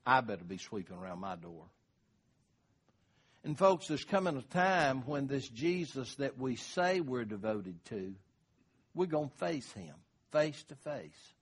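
A man's voice: medium pitch, lively intonation, a little slow, breathy edge. An older man, preaching a sermon in a folksy, conversational way. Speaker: pastor.

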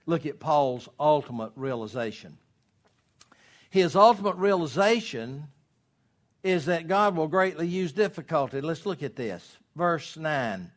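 Animated preacher man. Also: on the high side, measured pace. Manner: animated preacher, acts out voices in stories. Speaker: pastor. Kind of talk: sermon.

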